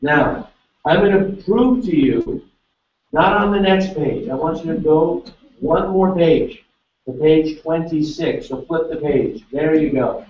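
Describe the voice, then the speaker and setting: A man's voice: fairly high pitch, takes it slowly. A man presenting a live seminar, energetically quizzing his audience and urging them on. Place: large seminar hall. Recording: echoey room, distant lo-fi mic.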